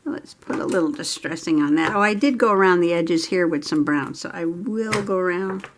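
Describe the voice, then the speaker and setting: A woman's voice: lowish voice, moderate pace, a little hiss or hum. A woman vlogger chatting casually to herself and viewers as she works on a craft project at home. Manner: chatty, thinking aloud while working.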